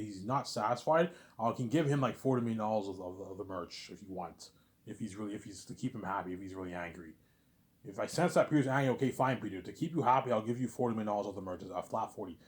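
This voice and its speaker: A man with a low voice rants at a quick clip in a casual monologue. He rambles, repeats himself and swears freely, tacking "man" onto his lines. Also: darkish tone. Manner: rambling, swears often, repeats words, says "man" a lot. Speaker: vlogger.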